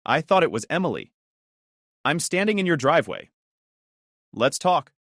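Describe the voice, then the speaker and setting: A woman's voice: sits low, big pitch swings, moderate pace, no echo, clean studio sound, exaggerated voice. A man reading the lines of a distraught, tearful mother in a narrated story. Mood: upset.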